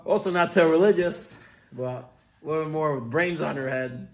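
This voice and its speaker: A man's voice: a little high, normal speed. A man, a rabbi, telling a Hasidic story in a weekly Torah talk, acting out the characters' voices as he goes.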